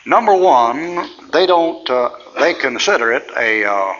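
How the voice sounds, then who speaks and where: A man's voice: medium pitch, very animated, a little slow, a bit bright, muffled recording. A man preaching in a folksy, rambling way, teaching through anecdotes and chuckling often.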